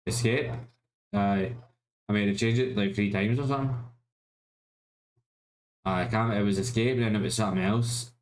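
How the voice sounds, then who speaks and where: A man's voice: on the low side, fairly even intonation, moderate pace, long pauses. A man with a Glaswegian Scottish accent, streaming live and chatting casually with friends, laid-back and swearing freely. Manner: laid-back, swears often, says mate a lot.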